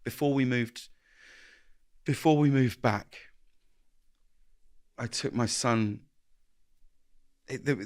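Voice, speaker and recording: A man's voice: medium pitch, takes it slowly, pauses often, no room sound, studio quality. A man, a guest speaking earnestly in an interview, often restarting his sentences and acting out little exchanges of dialogue. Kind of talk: reflective interview conversation.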